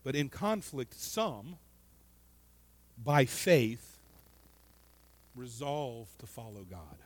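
A man preaching a sermon in an earnest way, often repeating words and swinging between loud emphasis and quiet asides. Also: medium pitch, big pitch swings, drawn-out words, no echo. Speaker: pastor.

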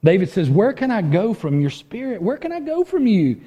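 A man preaching a sermon in earnest, swinging from loud emphasis to a hushed voice and often repeating words as he restarts. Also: high-pitched, big pitch swings, moderate pace, husky. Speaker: pastor.

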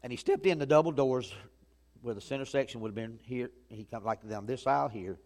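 A man preaching a sermon as a pastor, telling a story that swings from loud urgency to hushed quiet. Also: mid-range voice, brisk. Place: church sanctuary. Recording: long hall reverb.

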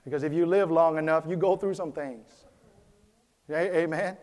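A man's voice: on the high side, moderate pace, darkish tone. A man preaching a sermon as pastor of a church, repeating his key phrases and calling out to the congregation for a response. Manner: repetitive, preacherly, calls for response.

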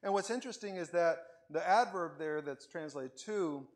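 A man's voice: on the high side, moderate pace. A man preaching in a conversational way, asking rhetorical questions and restarting his sentences as he thinks aloud. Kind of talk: conversational sermon.

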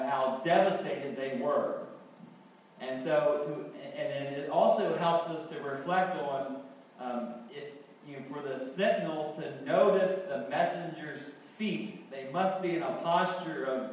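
A man's voice: a little high, a little hiss or hum. Man preaching in a very echoey hall. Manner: earnest, repeats key phrases, thinks aloud with fillers. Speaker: pastor. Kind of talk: sermon. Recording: very echoey hall, heard from a distance.

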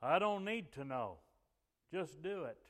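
A man voicing an older male preacher with a booming, blunt manner. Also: animated, measured pace, long reverb tail. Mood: impatient. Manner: blunt and loud.

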